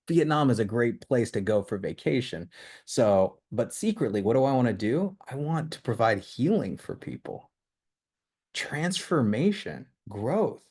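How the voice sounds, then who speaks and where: A man's voice: medium pitch, a little mellow, slightly rough. A man with a toddler at home, giving an impassioned motivational training talk to his team. He rambles, restarts his sentences and keeps tagging them with questions. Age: young adult to middle-aged, with a toddler.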